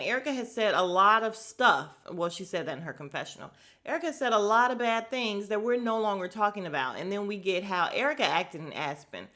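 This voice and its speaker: Bright-voiced woman doing a chatty recap. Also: mid-range voice. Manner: animated, swings between hushed retelling and loud outbursts; blunt and profane, laughs often. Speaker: reality TV recap commentator. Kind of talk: casual recap chat.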